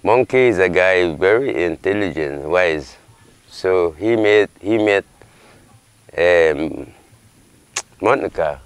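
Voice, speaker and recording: Male storyteller from Nicaragua's Caribbean coast; deep, dry, unhurried folk telling. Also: lively intonation, clear, resonant tone, no echo. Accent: Nicaraguan Caribbean coast English. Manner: unhurried, simple phrasing, with pauses. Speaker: community leader telling a legend.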